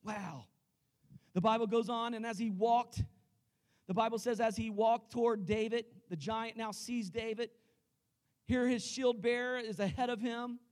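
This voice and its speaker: A man's voice: very high voice, fairly even intonation, measured pace, a little mellow. A pastor preaching a sermon in a church, emphatic and rallying his congregation directly. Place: church sanctuary.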